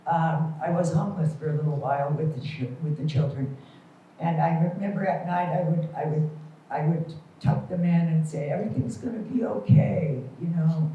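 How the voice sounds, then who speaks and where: A woman's voice: sits low, normal speed, slight background noise. A middle-aged woman performing a stand-up comedy set at a club, self-deprecating and wry. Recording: echoey, distant, muffled room recording.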